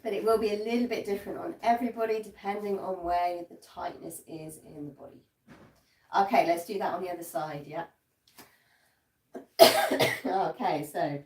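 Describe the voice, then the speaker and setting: Woman pilates instructor counting reps. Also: medium pitch. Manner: encouraging, counts reps aloud, demonstrates while talking. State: slightly out of breath. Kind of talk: live-streamed workout class instruction. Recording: echoey room, voice from a distance.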